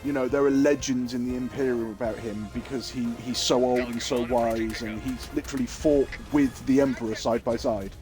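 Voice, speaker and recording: A man's voice: mid-range voice, fairly even intonation, moderate pace, hardly any pauses. A man streaming games and rambling through a story, swearing casually, with faint music behind. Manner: rambling, lots of fillers and restarts, swears casually. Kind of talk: livestream storytelling and gaming chat.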